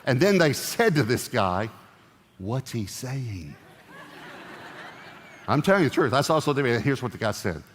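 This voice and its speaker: Animated male pastor preaching in an echoey hall. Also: medium pitch, quick pace, few pauses, slight background noise. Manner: animated, joking storyteller. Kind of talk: sermon.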